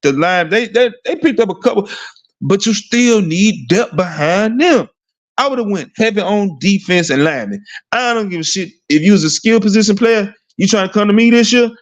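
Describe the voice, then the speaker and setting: A man's voice: high voice, animated, moderate pace, highs cut off. Blunt, profane man ranting about football. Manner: blunt, profane, rambling and repetitive; rhetorical "see what I'm saying?" asides. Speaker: sports talk host. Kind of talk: casual sports talk livestream.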